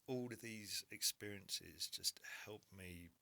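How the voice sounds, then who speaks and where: Deep gravelly man, candid storyteller. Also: pushed and bright. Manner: honest, halting, frequent stammered restarts. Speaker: podcast guest.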